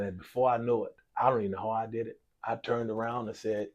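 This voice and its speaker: A man with a fairly low voice talks quickly, barely pausing, and the high frequencies are cut off. He's a basketball coach in a sports talk interview, spinning a long personal story with lots of energy, acting out the dialogue, repeating himself, and saying "y'all" a lot.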